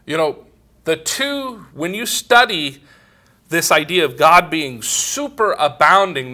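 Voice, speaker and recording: Slow, bright-voiced man teaching theology. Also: a little high. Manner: digressive, full of "you know" asides. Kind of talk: casual theology lecture.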